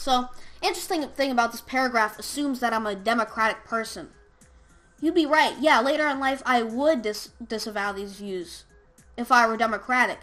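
A woman's voice: on the high side, moderate pace, fairly bright tone. Brash swearing young woman with music behind. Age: teenager. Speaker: co-host. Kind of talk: casual chat reading an article aloud.

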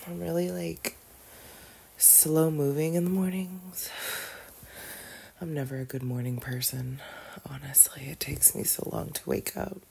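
A woman recording a casual, intimate audio diary from bed with a groggy morning voice, drowsy and soft, often sliding into a half-whisper. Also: sits low, unhurried, gravelly, pauses often, slight background noise. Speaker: audio diarist. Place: in bed at home.

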